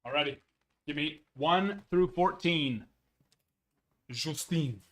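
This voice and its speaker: A man hosting a card break livestream, slightly raspy and hoarse as he recovers from a cold, chatting and teasing playfully. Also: a little high, takes it slowly, fairly bright tone. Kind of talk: casual livestream chat.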